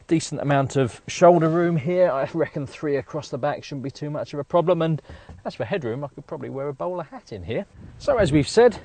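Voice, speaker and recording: A man's voice: a little high, a little mellow. A man presenting a car review, chatty and enthusiastic with wry asides, recorded inside a car. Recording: audible road and traffic noise behind.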